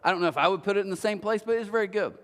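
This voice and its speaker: Animated high-voiced man preaching in a hall. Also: rapid-fire. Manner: animated storyteller with self-mocking humor, talks straight to listeners. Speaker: pastor. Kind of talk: conversational sermon. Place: church auditorium. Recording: long church-hall reverb.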